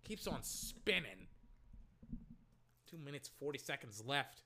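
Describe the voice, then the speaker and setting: A fan doing casual play-by-play commentary on his own microphone, excitable and quick to rant and swear at players and referees. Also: medium pitch, slight background noise.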